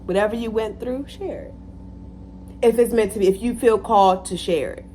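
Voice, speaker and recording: Woman vlogger, animated motivational talk, repeats lines for emphasis, faint hum behind. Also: mid-range voice, fast talker. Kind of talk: casual motivational talk to camera.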